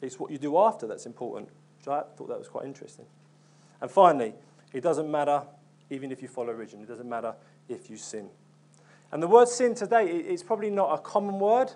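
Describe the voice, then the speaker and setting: A man's voice: a little high, quick pace, a little mellow. A young man preaching a sermon in an earnest, conversational way, with frequent ums and restarts.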